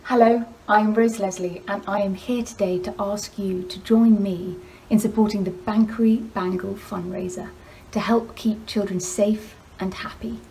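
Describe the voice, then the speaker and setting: A woman's voice: medium pitch, fairly even intonation, moderate pace, warm tone, slight background noise, poor audio. Earnest woman making a charity appeal. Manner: earnest, emphatic, repeating words for stress. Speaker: actress.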